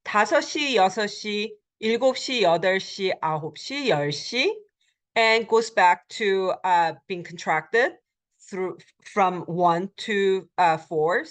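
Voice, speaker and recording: A woman lecturing as a Korean language instructor, explaining step by step with frequent ums and uhs and repeating phrases slowly for learners. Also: medium pitch, lively intonation. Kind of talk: recorded college lecture.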